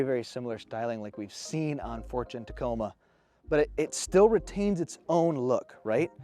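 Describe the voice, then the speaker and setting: A man in his thirties giving an enthusiastic, casual walkaround review of a new truck outdoors, a bit out of breath. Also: medium pitch. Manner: enthusiastic, excitable. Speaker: off-road vehicle reviewer.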